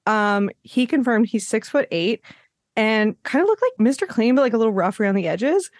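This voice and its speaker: A woman hosting a casual podcast chat, telling animated stories and acting out what people said, often laughing as she goes. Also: on the high side, moderate pace, dry recording, studio quality. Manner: animated storyteller, acts out quotes with laughs. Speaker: podcast host.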